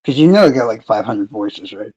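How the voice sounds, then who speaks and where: A man's voice: lowish voice, expressive, a little fast, warm tone, muffled recording. A man talking casually and sarcastically to viewers on a live stream, rambling and cursing. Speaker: true crime streamer.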